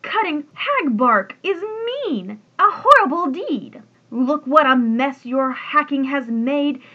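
Storybook: a woman doing a wheezy, furious tree-guardian man, high and slow, lo-fi tape. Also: animated. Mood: scolding. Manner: loud, ranting. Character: gruff angry male tree guardian creature.

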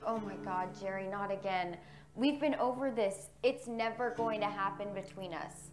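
A woman's voice: medium pitch, normal speed, close to an everyday voice. A woman playing a dismissive young woman. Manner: condescending, cutting. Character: dismissive young woman, mocking her devoted friend. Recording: roomy skit audio with music.

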